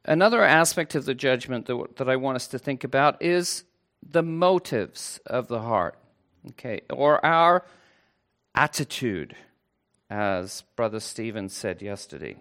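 Man preaching unhurried preacher. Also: mid-range voice, lively intonation, fairly bright tone. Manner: earnest, unhurried, with playful asides to the congregation. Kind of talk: sermon.

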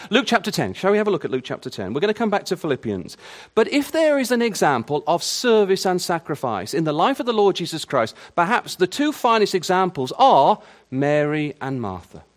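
Male preacher, fairly high voice, swooping and lively delivery, stammering restarts, questions to the congregation. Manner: animated, asks the listeners many questions; stammers and repeats words at the starts of phrases. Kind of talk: sermon.

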